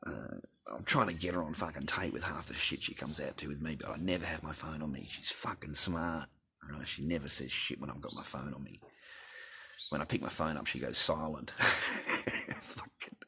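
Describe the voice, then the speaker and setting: Middle-aged bloke for a sweary rant to camera, low gravelly voice, blunt and profane. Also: male voice, normal speed, sharp tone. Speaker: vlogger.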